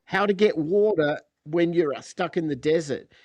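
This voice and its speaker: A middle-aged man with an Australian accent, chatting casually as a podcast guest and telling animated stories that act out quoted dialogue. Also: fairly high pitch, normal speed, no echo. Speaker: podcast guest, recording engineer. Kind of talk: casual chat.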